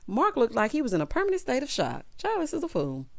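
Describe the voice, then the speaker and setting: A woman's voice: fast, gravelly. A woman giving a sassy, casual recap of a reality show, often calling people "child" and "honey.". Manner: sassy, animated, laughs loudly, says "child" and "honey"; acts out cast members in high voices.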